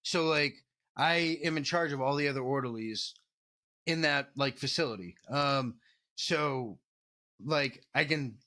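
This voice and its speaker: Guy on a podcast rambling through stories, bright sharp voice, swears a lot, lots of likes and ums. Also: mid-range voice, a little slow. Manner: profane, loose, filler-heavy talk. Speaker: podcast guest. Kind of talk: casual storytelling in an interview.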